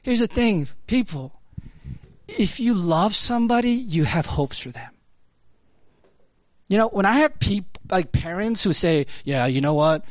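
A man preaching a casual, animated sermon, jumping from loud high emphasis to low quiet asides, with laughs and fillers. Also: measured pace, long pauses, no echo.

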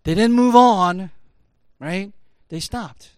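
A man's voice: high voice, slow pace, smooth, no room sound. A man telling a story in a casual talk, full of fillers like "like" and "you know", building up to emphatic bursts. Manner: casual, lots of fillers, rising to emphatic peaks. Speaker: speaker.

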